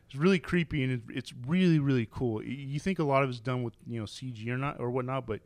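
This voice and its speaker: A man in casual chat, telling long stories with plenty of restarts and fillers, and getting animated when something excites him. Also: medium pitch, fast talker, no echo. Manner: rambling, with frequent restarts and fillers; enthusiastic, animated storytelling.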